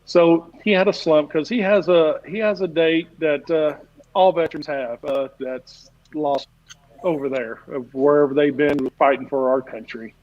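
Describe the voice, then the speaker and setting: A man's voice: fairly high pitch, fairly even intonation, a little slow. A man telling a long, rambling story in casual chat, full of "uh" fillers. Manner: rambling, folksy, many "uh" fillers. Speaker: barbecue class teacher and guest. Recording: dull lo-fi stream audio.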